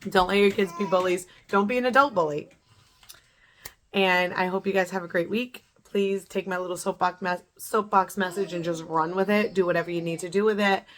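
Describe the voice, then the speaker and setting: Earnest pep-talking woman, slightly low voice. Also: steady tone, fairly quick. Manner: earnest, pep-talk, repetitive emphasis. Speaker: beauty vlogger. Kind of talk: casual motivational talk to camera.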